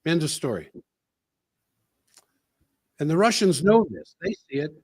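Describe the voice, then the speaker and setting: A man's voice: a little high, big pitch swings, measured pace, a little mellow, slightly rough, no echo, rough recording. A man hosting a solo commentary show, talking in an emphatic way and repeating key phrases for effect. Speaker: political commentary host.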